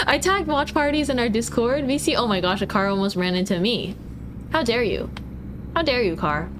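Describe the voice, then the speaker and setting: A woman's voice: a little high, lively intonation, normal speed, noisy background. A woman streamer chatting playfully and giggling while playing a driving game. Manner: playful, giggly, teasing chat. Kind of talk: casual gaming stream chat.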